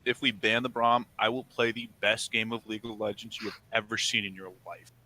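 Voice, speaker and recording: A man's voice: on the low side, steady tone, fairly quick, pushed and bright, rough recording. A man on a gaming voice chat, brash and joking, swearing as he demands a ban, on a headset mic. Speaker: team player.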